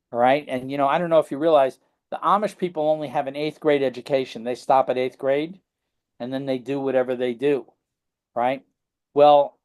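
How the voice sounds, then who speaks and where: In a loose, anecdote-filled interview, a middle-aged guest practitioner tells stories and keeps tossing in tag questions to check in. His voice runs on the high side and sounds a little mellow.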